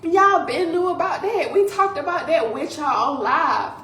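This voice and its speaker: A woman's voice: high voice, a little slow, fairly bright tone, echoey room. A woman in tears, swearing and speaking straight to her viewers in an emotional confessional rant. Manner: tearful, swearing, addresses audience directly. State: crying. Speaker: vlogger.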